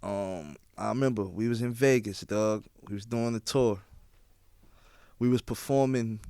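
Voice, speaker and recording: A man's voice: fairly low pitch, measured pace, warm tone, smooth, no echo, studio quality. A young man, a DJ being interviewed on a podcast, telling stories in casual slang and often asking "you feel what I'm saying?". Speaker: guest DJ.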